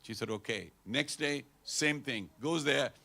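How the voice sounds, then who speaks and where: Gravelly, bright-voiced man telling temple stories. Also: medium pitch, unhurried. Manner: conversational, acts out characters in stories. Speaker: temple speaker. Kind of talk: storytelling talk at a temple. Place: temple hall.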